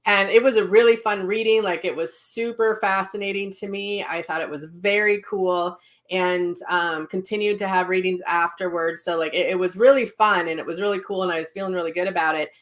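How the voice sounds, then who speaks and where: A woman's voice: fairly low pitch, steady tone, a little fast, hardly any pauses, a bit bright. Middle-aged woman, live-stream host, chatty storyteller who reads comments aloud, webcam mic. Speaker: psychic medium hosting a live stream. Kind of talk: casual live-stream chat.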